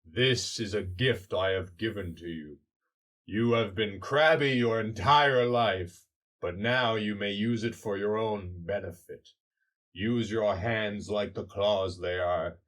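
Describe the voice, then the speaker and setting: A man voicing a wise giant hermit crab in a comedy improv, making slow, solemn pronouncements. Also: on the low side, fairly bright tone.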